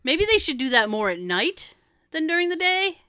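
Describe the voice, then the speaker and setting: A woman chatting casually and telling an everyday story, acting out quoted dialogue in lively voices. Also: high-pitched, moderate pace, no echo, studio quality.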